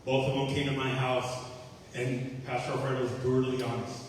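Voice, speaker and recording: A man testifies earnestly about his life at a church recovery meeting, speaking a little fast at medium pitch with flat delivery. He reenacts conversations from memory and keeps returning to key phrases. The sound is echoey from the hall, with a distant mic and faint hiss.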